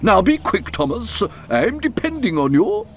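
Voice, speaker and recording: A man voicing a brisk, commanding middle-aged railway boss in a storybook. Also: high voice, very animated, creaky, a little hiss or hum, voice pushed up, full character voice.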